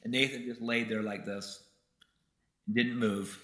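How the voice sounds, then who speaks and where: A man's voice: mid-range voice, fairly even intonation, measured pace, sharp tone. A man giving a keynote speech and telling a personal story in an earnest way. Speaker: keynote speaker. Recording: roomy hall echo.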